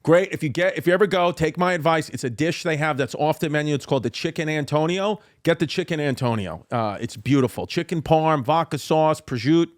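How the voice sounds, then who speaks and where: A man, hosting a podcast in casual chat, rambling and animated with lots of repeats and swearing. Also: fairly high pitch, a little fast, hardly any pauses. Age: 40s. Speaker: podcast host.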